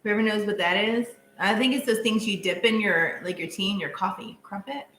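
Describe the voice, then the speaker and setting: A woman's voice: mid-range voice, fairly quick, fairly bright tone, roomy sound, faint music behind. A woman doing a live-stream tarot reading in a chatty, casual way, full of filler words and giggles. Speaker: tarot reader.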